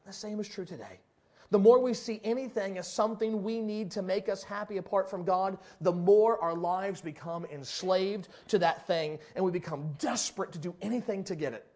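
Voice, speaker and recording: A preacher with a very high voice delivers a sermon, acting out the people he quotes. He swings from loud, shouted lines to quiet, drawn-out ones. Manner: dramatic, voices characters, swings from loud to hushed. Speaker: pastor.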